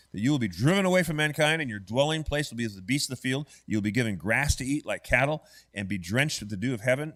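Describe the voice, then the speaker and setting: A man leads an adult Bible study in a church classroom. He talks conversationally and keeps checking in with the class. His voice sits at a middling male pitch. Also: fairly bright tone.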